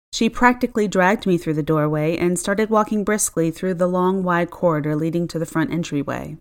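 Woman narrator, expressive audiobook read, slightly low voice, wry touch. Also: fairly quick, few pauses. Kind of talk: first-person audiobook narration.

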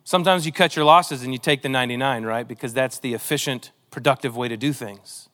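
A man's voice: medium pitch, fast, sharp tone. A man preaching a sermon, earnest and emotional, reading scripture with a pleading, dramatic delivery. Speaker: pastor.

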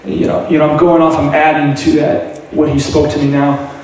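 A man sharing a personal faith testimony in an earnest, halting way, often restarting his words. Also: a little high, little pitch movement, darkish tone. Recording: very echoey room, heard from a distance, light noise.

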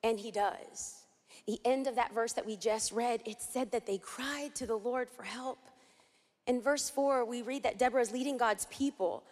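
A high-pitched woman from East Los Angeles delivers a sermon with theatrical flair, acting out little scenes as she teaches. Her voice rings with a long reverb from a large hall. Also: normal speed. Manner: dramatic and animated, acts out scenes. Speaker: Bible teacher.

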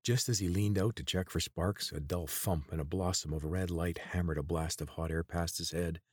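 Deep-voiced male storyteller, dry sound. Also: slightly rough, no room sound. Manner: steady, measured storytelling. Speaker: narrator. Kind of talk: scripted audiobook narration.

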